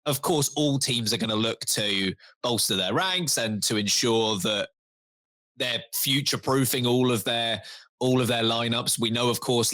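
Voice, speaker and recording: A young man, a podcast co-host in casual chat, talking in an animated way. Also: medium pitch. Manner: animated, laughs, puts on quoted voices.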